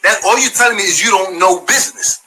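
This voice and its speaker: Speaking quickly in a high, sharp voice, a man who used to belong to the community lashes out with swearing, addressing his target head-on as he tells his version of events. A little hiss or hum runs under the rough recording.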